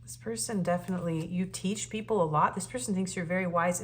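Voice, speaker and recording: A woman's voice: fairly low pitch, brisk, hardly any pauses, slight background noise. Earnest woman reading tarot cards. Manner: earnest and emotional, many fillers and restarts. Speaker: tarot reader. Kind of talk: casual spoken tarot reading.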